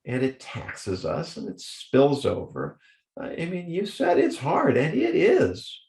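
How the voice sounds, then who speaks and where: A man's voice: medium pitch, wildly swooping pitch, slow pace, gravelly, a little mellow, roomy sound. A man co-hosting a podcast, speaking reflectively over a video call. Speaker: podcast co-host. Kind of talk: conversational interview.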